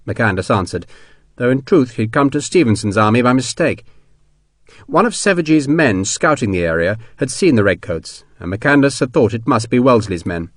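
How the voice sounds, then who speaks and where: Brief: male audiobook narrator, lively intonation, dry close studio sound. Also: lowish voice, normal speed, dry recording. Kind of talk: scripted narration.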